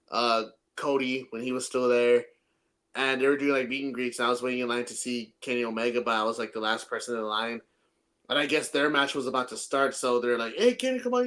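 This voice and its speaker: A man's voice: medium pitch, fairly bright tone. A young man from San Antonio, Texas, co-hosting a podcast in a laid-back, casual chat, swearing often and laughing a lot. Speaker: podcast co-host.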